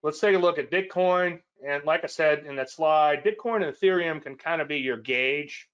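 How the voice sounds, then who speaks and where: A man's voice: on the high side, moderate pace, fairly bright tone, clear, resonant tone, dull audio. A man hosting a weekly trading show, chatting casually and rambling through charts with self-deprecating asides. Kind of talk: casual webinar chat.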